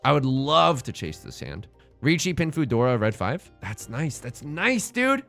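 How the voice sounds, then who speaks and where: A man's voice: mid-range voice, sing-song, measured pace, vocal fry, a bit bright, faint music behind. A young man chatting casually while streaming a game, joking and rambling playfully as he plays.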